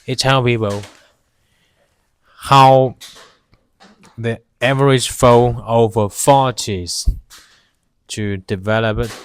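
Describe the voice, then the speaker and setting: A man from China, whose first language is Chinese, talking casually to the camera by a campfire outdoors in halting English, often pausing to search for words. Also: mid-range voice, clear, resonant tone. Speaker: vlogger.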